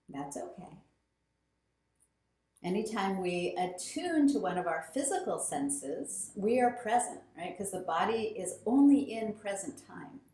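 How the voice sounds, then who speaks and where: A woman teaching a yoga class, giving calm, soothing instructions and counting breaths slowly. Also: on the low side, roomy sound.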